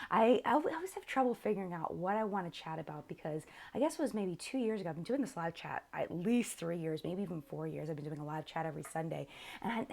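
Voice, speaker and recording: A young woman hosting a live makeup chat with viewers, tired and low on energy, rambling and often interrupting herself. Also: gravelly, a little mellow. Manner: scattered, rambling, self-interrupting. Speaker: beauty channel host.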